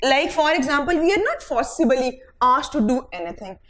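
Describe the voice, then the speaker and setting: A woman's voice: sits high, animated, normal speed, a bit bright, low-quality recording. A woman teaching English grammar in a recorded lecture, dictating example sentences word by word and checking in with "fine" between points, with a Pakistani English accent.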